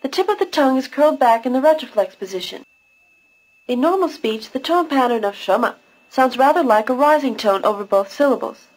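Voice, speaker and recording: A woman's voice: high voice, expressive, a little fast, a little mellow, rough recording. Patient woman narrating a language lesson. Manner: patient, clear, explains pronunciation step by step. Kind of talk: scripted instructional narration.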